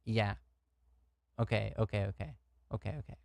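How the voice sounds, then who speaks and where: A man's voice: fairly low pitch, little pitch movement, moderate pace, vocal fry, darkish tone, no room sound. A man streaming from the United States, ranting casually over news clips, outspoken and swearing, laughing often. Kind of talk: casual reaction commentary.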